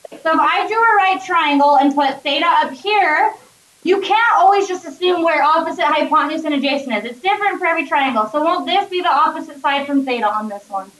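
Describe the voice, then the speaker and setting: Woman math teacher, upbeat, high voice, echoey classroom, distant mic. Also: lively intonation, brisk, a bit bright. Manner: upbeat, checks in with students often. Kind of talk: classroom lecture.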